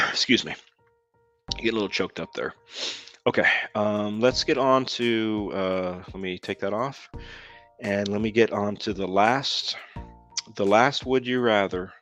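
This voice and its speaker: Low-voiced man rambling on a live stream. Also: unhurried, long pauses, fairly bright tone. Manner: rambling, reads viewer comments aloud, frequent ums. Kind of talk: casual live stream chat. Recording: dull lo-fi sound with faint music.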